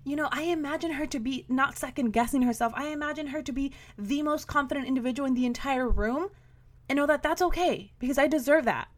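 A woman hosting a podcast, talking to the listener in an emphatic motivational pep talk that sometimes drops to a soft, guided tone. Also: high voice, fast. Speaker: podcast host. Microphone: podcast microphone.

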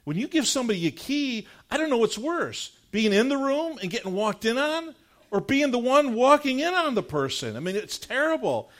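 A middle-aged male pastor preaching a sermon, telling a personal story in an animated, conversational way before leading into prayer. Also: very high voice. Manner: earnest, measured prayer closing the sermon.

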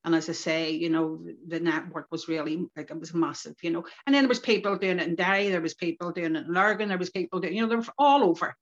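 An older woman with a Northern Irish accent talks at a quick pace with hardly any pauses, her pitch fairly low. A community activist in a relaxed interview, she tells lively stories from her past using local expressions. The podcast sound is dull and lo-fi.

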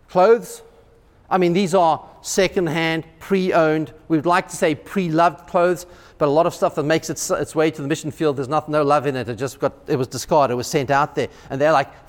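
High-voiced pastor preaching in a hall. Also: male voice, normal speed. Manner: animated, repeats words, acts out quotes. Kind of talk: sermon. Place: church.

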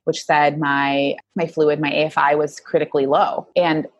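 A woman's voice: low voice, little pitch movement, moderate pace, no room sound. A woman guest telling a personal story in a chatty way with many fillers, emotional at times.

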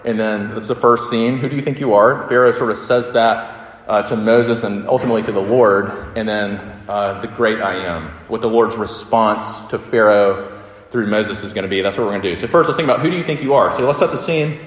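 A man's voice: fairly low pitch, a little fast. A man preaching a sermon and leading a prayer, speaking earnestly and conversationally and often repeating phrases. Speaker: pastor. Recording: roomy, echoing hall.

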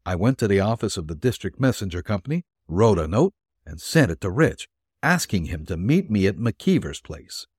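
A man narrating a dime-novel detective serial as an audiobook, expressive. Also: lowish voice, moderate pace, slightly rough, no room sound, studio quality.

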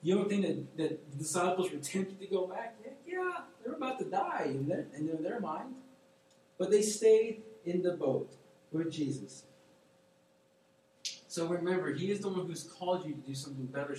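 A man preaching a casual sermon, telling stories and quoting figures in a relaxed, slangy, conversational way. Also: fairly high pitch, moderate pace. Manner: animated, conversational, slangy storytelling with quoted voices. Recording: echoey room from far off, faint noise.

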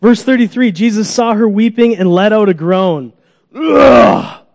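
A man preaching a sermon to a congregation in a church, animated, acting out groans and cries, coaxing children up for an illustration. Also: sits high, moderate pace, long reverb tail. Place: church sanctuary.

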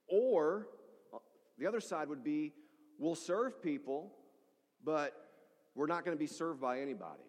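A middle-aged male pastor delivers a sermon in a reverberant church hall. His voice sits slightly high for a man. He tells stories with animation and briefly acts out the people in them.

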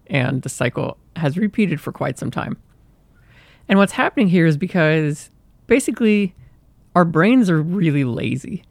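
Chatty man with a gravelly edge. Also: on the high side, no echo. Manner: chatty and self-deprecating, acts out his inner voice. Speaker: podcast host. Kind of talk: casual solo podcast monologue.

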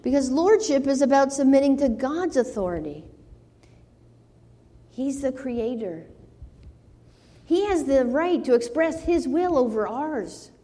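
A woman preaching a sermon slowly and earnestly, her voice rising into pleading when she quotes scripture. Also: high-pitched, expressive, dark tone. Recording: long hall reverb.

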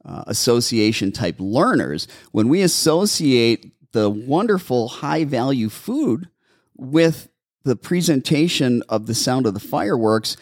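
Lively-voiced male dog trainer. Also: medium pitch, unhurried, dry recording, studio quality. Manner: animated, instructive, repeats steps. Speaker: dog behaviorist, podcast host. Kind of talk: casual advice chat.

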